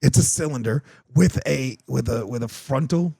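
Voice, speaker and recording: A man's voice: mid-range voice, normal speed, gravelly, husky, no room sound. A man hosting a podcast, telling a story casually and laughing as he talks. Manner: animated storytelling, laughs while talking. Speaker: podcast host. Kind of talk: casual chat.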